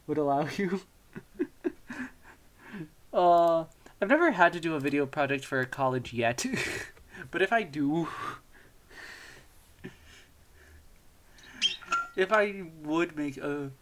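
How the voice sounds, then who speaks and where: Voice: medium pitch, takes it slowly, long pauses. A young adult streamer chatting casually, laughing often, rambling and swearing freely.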